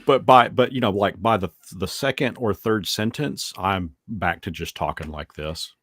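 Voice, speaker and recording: A man's voice: lowish voice, normal speed, a bit bright, breathy edge, no room sound, clean studio sound. A middle-aged man hosting a casual chat, hesitant and often repeating words as he searches for them. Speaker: host.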